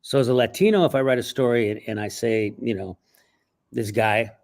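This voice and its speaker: A male writer and actor telling stories in an interview, animated and acting out bits along the way. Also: medium pitch, quick pace. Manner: animated, acts out voices, frequent restarts. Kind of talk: interview storytelling.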